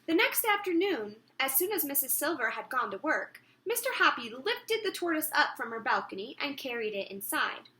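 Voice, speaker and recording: A woman reads a children's book aloud in an expressive, storytelling way. Her voice is high and bright, and it rises and falls as the story moves along. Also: normal speed, hardly any pauses. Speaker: teacher reading aloud.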